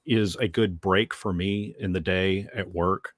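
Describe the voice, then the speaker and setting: A man's voice: sits low, fairly even intonation, unhurried, no echo, studio quality. A middle-aged man hosting a casual chat, hesitant and often repeating words as he searches for them. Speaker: host.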